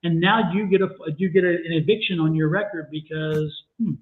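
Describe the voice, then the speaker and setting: A man co-hosting a livestream tarot reading, deliberate and emphatic with a wry edge. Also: a little high, fairly even intonation. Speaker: tarot reader and co-host. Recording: tinny phone-like sound in an echoey room.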